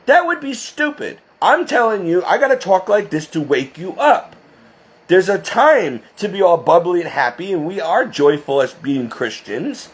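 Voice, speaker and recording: A man's voice: high-pitched, sing-song, moderate pace, slightly rough. A man talking straight to his viewers in an impassioned religious monologue, emphatic and scolding. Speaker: Catholic video blogger.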